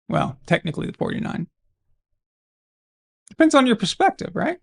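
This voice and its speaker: A man's voice: very high-pitched, very animated, normal speed, creaky, pauses often, slightly rough. A man from Arkansas hosting a live football watch-along stream, giving casual commentary full of crude, brash, mocking humor.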